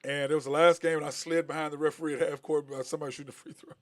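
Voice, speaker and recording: A middle-aged man, a former basketball player, co-hosting a casual sports chat, telling stories animatedly and mimicking other people. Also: very fast. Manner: animated storyteller, mimics others with big pitch jumps.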